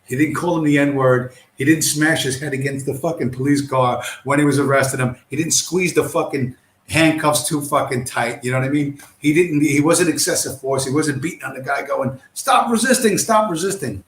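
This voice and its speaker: A man's voice: medium pitch, steady tone, a little fast. A man hosting a livestream, ranting in a profane, scornful and combative way. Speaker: livestream host. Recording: roomy echo.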